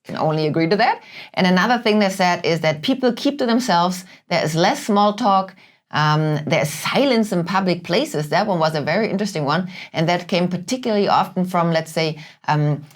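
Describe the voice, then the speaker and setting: A woman hosting a casual chat, speaking in a measured way with hesitant fillers. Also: lowish voice, expressive. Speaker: host.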